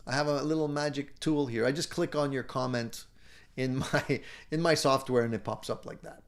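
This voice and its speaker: A man's voice: mid-range voice, fairly even intonation, moderate pace. A middle-aged man hosting a live stream, reading viewer comments aloud and answering them in an upbeat, encouraging way, chuckling often. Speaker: live show host.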